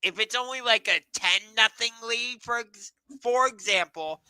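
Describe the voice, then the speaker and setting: Bright, high-voiced man with many ums. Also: normal speed, dry recording, low-quality recording. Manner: hesitant, many ums, questioning. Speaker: podcast co-host. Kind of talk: casual sports podcast chat.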